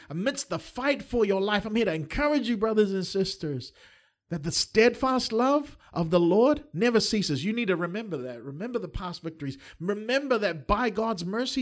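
Fervent man preaching a livestream sermon. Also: sits high. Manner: earnest, rising to fervent emphasis, with light humor. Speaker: pastor.

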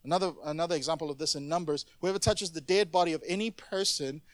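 An animated man delivers a sermon in a fairly high voice, chatting with the congregation between readings. The sound is close and dry, with little room echo. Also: fast. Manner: animated, conversational preaching with asides to the congregation. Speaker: preacher.

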